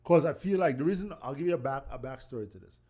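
A man's voice: medium pitch, animated, fast, mellow. A man hosting a casual podcast chat, easygoing and prone to repeating phrases as he leads into a topic. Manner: easygoing, repeats himself while steering the talk. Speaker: podcast host.

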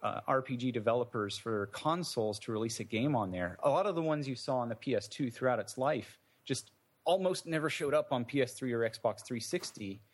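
Indie dev guy chatting in an interview, lots of um and you know, mid pitch. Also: lively intonation, a little fast. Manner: thoughtful, many fillers and restarts. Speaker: indie game developer. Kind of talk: casual interview answers.

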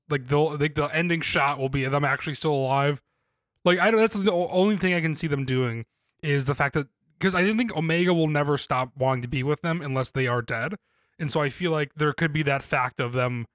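A man on a casual fan podcast, thinking aloud in halting phrases full of fillers. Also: medium pitch, a bit bright, no room sound, studio quality. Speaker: podcast co-host.

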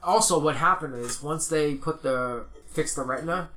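A man's voice: a little high, normal speed, a bit bright. A young man who is a podcast guest, chatting casually and rambling with lots of "like" and restarts. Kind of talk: casual chat.

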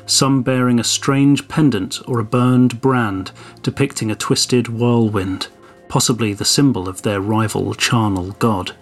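A man with a head cold, reading a dramatic recap of the last tabletop game session. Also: mid-range voice. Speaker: player giving the session recap.

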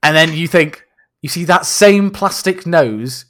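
A man's voice: a little high, animated, measured pace, a bit bright. A man co-hosting a comedy podcast, setting up a made-up scenario in casual chat. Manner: storytelling, sets up scenarios. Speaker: podcast co-host.

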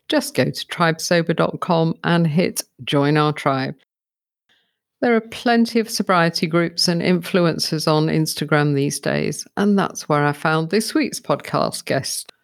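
A woman's voice: low voice, a little slow. A woman hosting a podcast, giving an upbeat, welcoming scripted intro. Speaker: podcast host and founder.

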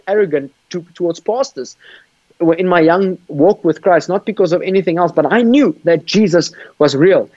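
Sharing his testimony of faith over a video call, a man speaks earnestly and with passion, often doubling back on words and starting sentences over. His voice sits high with a darkish tone, and the dry, dull call audio has no echo.

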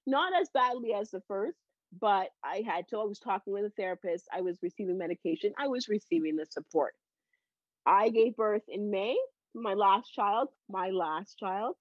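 A woman in her thirties, a psychotherapist guest, telling her personal story in an animated, heartfelt way and laughing often between phrases. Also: medium pitch, moderate pace, no echo. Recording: dull, slightly lo-fi dry audio.

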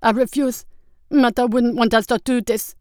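A woman voicing a frightened, simple-minded young man who pleads loudly in a high, childlike voice. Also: fairly even intonation, normal speed, no room sound, studio quality, natural voice. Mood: pleading. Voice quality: high, too loud and pitched. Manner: pleading, whiny. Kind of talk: audiobook character voice.

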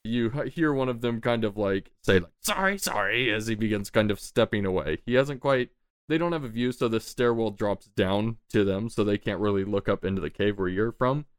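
A man running a tabletop game, his voice low and resonant. He narrates loosely and casually, full of "like" and "uh." He is recorded close and dry on a podcast mic. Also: a little fast, clean tone, dry recording. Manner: casual, rambling, many fillers. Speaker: game master.

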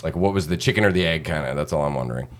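A podcast host asking his guest questions in an easy, curious way. His voice is very deep and low, and his tone stays loose and conversational. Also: rapid-fire. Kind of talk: casual interview chat.

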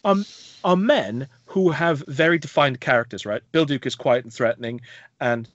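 A man's voice: mid-range voice, dry recording. Podcast co-host, British male, chatty and wry, dry dull lo-fi recording. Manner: chatty, quick asides, self-deprecating humour. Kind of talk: casual film review chat.

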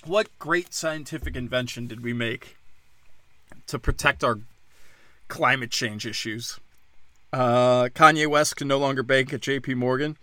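Casting: male host, bright forceful voice, sarcastic and foul-mouthed, dry close sound. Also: medium pitch, dry recording. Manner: profane, sarcastic, rambling. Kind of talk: casual news rant.

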